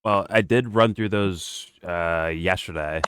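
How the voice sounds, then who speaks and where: A man's voice: sits low, measured pace, a bit bright, smooth, no echo. A man hosting a reaction stream, talking bluntly and mockingly with frequent profanity. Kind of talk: casual profane reaction chat.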